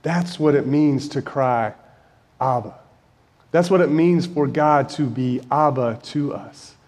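The long reverb of a large hall fills this recording of a man in his forties, a preacher and high school Bible teacher. His slow, somewhat mellow mid-range voice keeps the sermon conversational and earnest, telling stories and climbing to emphatic highs.

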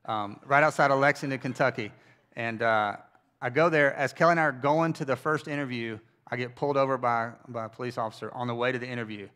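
A man's voice: mid-range voice, fairly even intonation, fast talker, pushed and bright. A man who is a pastor, preaching a sermon in a conversational, storytelling way with wry asides to his church. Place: church service.

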